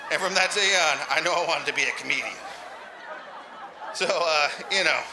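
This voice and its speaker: A man's voice: a little high, normal speed, crowd noise, background noise. A man telling a crude, rambling comic story as an old lounge comedian, laughing through his own jokes. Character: lounge comedian claiming eighty-five years.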